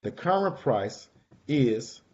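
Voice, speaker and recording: A man's voice: medium pitch, very animated, slow pace, a little mellow. A man organizing a group cruise, talking casually and directly to his online group, calling people by name and repeating his points. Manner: chatty, repeats himself, calls out people by name. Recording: slightly dull lo-fi recording.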